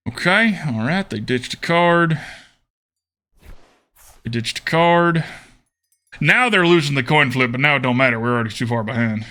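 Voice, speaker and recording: A man's voice: medium pitch, animated, moderate pace, pauses often, bright, forceful tone. A young man streaming a card game, chatting casually and thinking aloud with murmured hmms and repeated okays. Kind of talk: casual live gameplay commentary.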